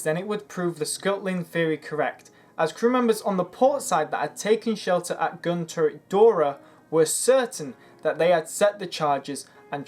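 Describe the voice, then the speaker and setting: A channel host reading a scripted history narration, earnestly building an argument point by point. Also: mid-range voice. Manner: earnest, argumentative, making a case. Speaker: history video creator.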